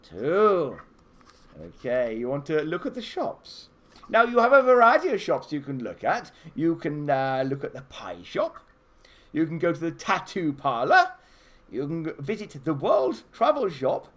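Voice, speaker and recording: A man acts as game master for a live tabletop adventure with kids, telling the story animatedly and giving the players options. He speaks a little slowly, with a voice on the high side.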